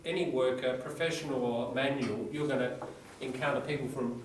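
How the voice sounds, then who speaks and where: A man's voice: medium pitch, fairly even intonation, brisk, a little hiss or hum. A man with an Australian accent teaching a class, chatty and digressive, explaining with everyday examples. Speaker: English teacher. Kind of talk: classroom lecture. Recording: echoey classroom, far mic.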